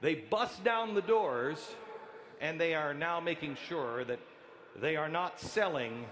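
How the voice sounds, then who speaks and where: A man giving a sarcastic speech at a convention, incredulous and building to shouts. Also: fairly high pitch, takes it slowly, noisy background. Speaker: speaker at a convention.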